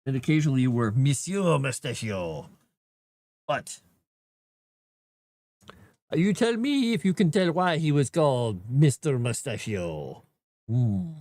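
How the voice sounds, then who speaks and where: A man's voice: mid-range voice, sing-song, measured pace, pauses often, darkish tone, no room sound, clean studio sound. A man, an author, chatting casually with his viewers on a live stream and cooing at his cat between thoughts.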